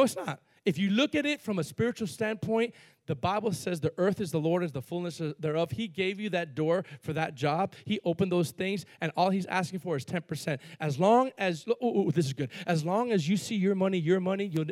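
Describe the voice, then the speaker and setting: A man preaching a sermon as lead pastor, emphatic, with sudden loud bursts and slowed-down words for stress. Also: high-pitched, lively intonation, no room sound, studio quality.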